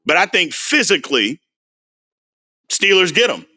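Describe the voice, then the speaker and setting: A man hosting a casual sports livestream, animated and frustrated as he answers viewers' comments by name. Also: high-pitched, unhurried. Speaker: sports talk host.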